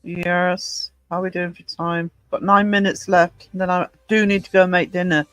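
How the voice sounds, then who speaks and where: A woman from Northumberland with a soft Northumbrian English accent, chatting casually as a podcast co-host, blunt and quick to swear. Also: lowish voice, fairly even intonation, poor audio. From Northumberland, England. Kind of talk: casual chat.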